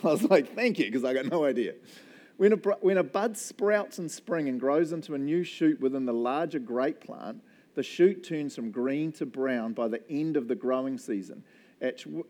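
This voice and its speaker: A man with a New Zealand accent preaching a casual, jokey sermon in church, telling animated stories with self-deprecating asides. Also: medium pitch. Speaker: pastor.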